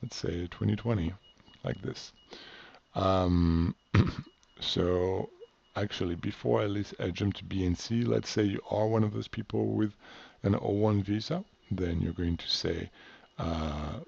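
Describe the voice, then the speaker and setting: A man from France talks through a tutorial in an offhand way, full of fillers and quick self-corrections. His voice sits very low, with a gravelly, husky edge. The recording is dull and lo-fi. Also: fairly even intonation, a little mellow. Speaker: instructor. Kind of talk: casual screen-share tutorial.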